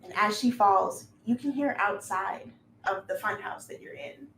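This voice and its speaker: A woman's voice: medium pitch, a little slow, fairly bright tone. Brief: woman game master, casual descriptive narration full of fillers, echoey room, faint hiss.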